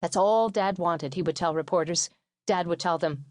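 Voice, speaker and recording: A woman narrating a memoir audiobook in a steady, measured reading voice, acting out quoted lines lightly. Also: lowish voice, dry recording, clean studio sound.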